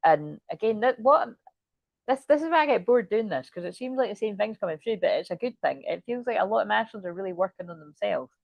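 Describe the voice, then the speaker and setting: A woman's voice: mid-range voice, expressive, fast, gravelly, dry recording, dull audio. Chatty woman reading tarot. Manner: chatty, rambling, swears casually. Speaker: tarot reader.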